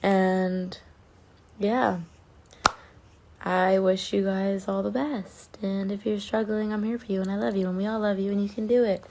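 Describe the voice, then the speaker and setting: A woman's voice: mid-range voice, fairly even intonation, measured pace, mellow, a little hiss or hum. A woman chatting casually on a phone livestream, reading and answering fan comments in an affectionate way and swearing now and then.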